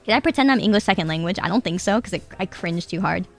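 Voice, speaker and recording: A woman's voice: fairly low pitch, expressive, fast talker, soft background music. A young Japanese woman chatting casually to her live-stream chat, giggly and rambling, swearing now and then. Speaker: VTuber streamer.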